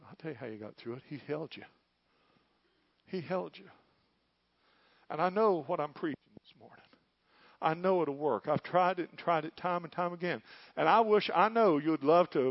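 A middle-aged pastor preaches a fervent sermon, his fairly high voice surging into loud cries and dropping to hushed tones. The recording is dry and dull, like a lo-fi capture of a church service. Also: normal speed, no room sound.

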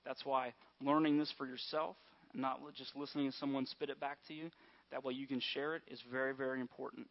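A man's voice: mid-range voice, flat delivery, brisk. Man preaching a casual sermon. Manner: conversational, repeatedly asks "all right?" and "amen?". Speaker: pastor. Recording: dull lo-fi sound.

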